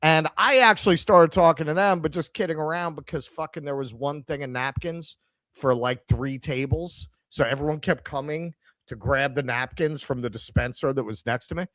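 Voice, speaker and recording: A middle-aged man with a New York accent, co-hosting a casual chat and telling a story with animated quoted dialogue. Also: fairly high pitch, normal speed, no echo. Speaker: podcast co-host.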